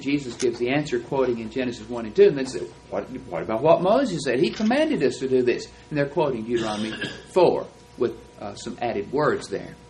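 A man's voice: medium pitch, a little mellow, rough recording. A man teaching a Bible class, explaining texts in an emphatic, lecturing way. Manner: emphatic, explanatory, stresses key words.

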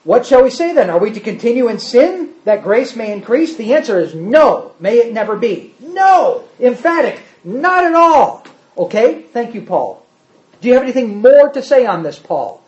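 A man's voice: extremely high pitch, very animated, moderate pace, dark tone, echoey room. Guy preaching hard, asking the room questions, voice jumps all over, kinda muffled recording. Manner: emphatic, asks the congregation rhetorical questions. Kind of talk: sermon. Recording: dull lo-fi sermon recording.

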